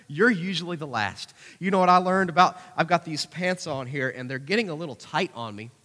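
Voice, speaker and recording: A man preaching a conversational youth sermon, animated, with acted-out asides. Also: a little high, moderate pace. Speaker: youth pastor. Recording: hall reverb.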